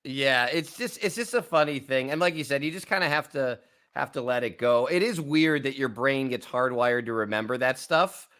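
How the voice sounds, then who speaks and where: American male podcast host, middle pitch, crisp bright tone, reflective and warm-humored chat. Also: moderate pace. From United States. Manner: earnest, reflective, laughs easily. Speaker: wine channel host. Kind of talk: casual podcast conversation.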